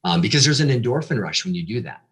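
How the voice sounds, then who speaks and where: A man who is a pastor gives an earnest, confessional personal testimony as a guest, halting now and then with fillers. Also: medium pitch, very animated, fairly bright tone, breathy edge.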